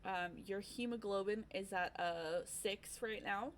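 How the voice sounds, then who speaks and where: A woman's voice: mid-range voice, a little slow, a little hiss or hum. Candid woman telling a personal story. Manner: candid, conversational, acts out her own quoted thoughts. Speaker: streamer.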